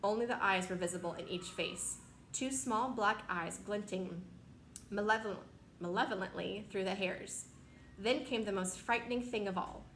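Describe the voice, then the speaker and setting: A woman's voice: medium pitch, moderate pace, soft background music. Woman reading a storybook aloud. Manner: steady, expressive storytelling. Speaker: reader. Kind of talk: reading a children's novel aloud. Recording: echoey room, faint noise.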